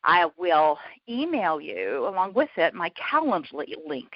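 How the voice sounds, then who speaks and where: Woman guest, animated, laughs a lot, dry muffled call audio. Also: on the low side, a little slow, no room sound. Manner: lively, laughing, self-deprecating. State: slightly out of breath from walking. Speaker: guest, author and prayer coach. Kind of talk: casual interview chat.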